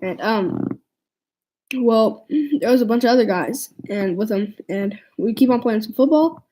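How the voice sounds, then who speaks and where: A teenage girl with a slightly high, mellow voice tells a storytime vlog. She rambles, trips over her restarts and leans on "like" as filler. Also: measured pace, poor audio. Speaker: vlogger.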